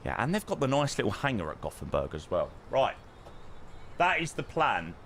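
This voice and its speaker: A young man streaming a flight simulator, chatting with viewers in an excitable, talkative way. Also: mid-range voice, moderate pace, slight background noise. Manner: excitable, chatty, reacts loudly and greets viewers. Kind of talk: live-stream chat while playing a flight simulator.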